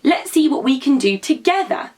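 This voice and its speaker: A woman voicing a kindly, friendly grown man in a children's story, calling out brightly and encouragingly. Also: sits high, sing-song, moderate pace, pitched above the performer's own voice. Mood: cheerful calling.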